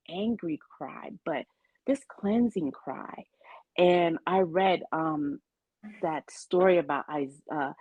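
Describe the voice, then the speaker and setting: A woman with a low voice speaks slowly and earnestly, sharing her testimony as an interview guest. The sound is dry and a little dull, as if from a lo-fi recording. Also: no room sound. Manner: earnest, faith-filled storytelling with quoted dialogue.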